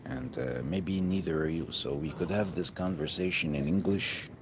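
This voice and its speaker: Low, unhurried man from Canada, halting and bitter, over steady background noise. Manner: hesitant, bitter, addressing an absent person. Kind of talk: rambling monologue. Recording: noisy ambient background.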